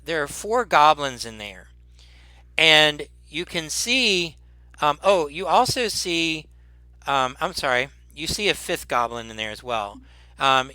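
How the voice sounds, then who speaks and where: A man narrating as game master in a tabletop game, halting and rambling, often laughing. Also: a little high, bright, forceful tone, dry recording.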